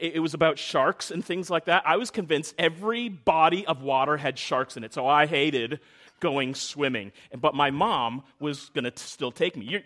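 A male pastor with a high-pitched voice delivers a sermon full of personal storytelling. His delivery is animated, dropping to a hush and then rising loud, and he often stumbles and repeats words as he goes. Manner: animated, swings from hushed to loud.

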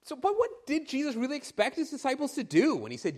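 Animated male preacher with lively pitch. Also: quick pace, hardly any pauses. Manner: animated and emphatic, with fillers. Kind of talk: sermon.

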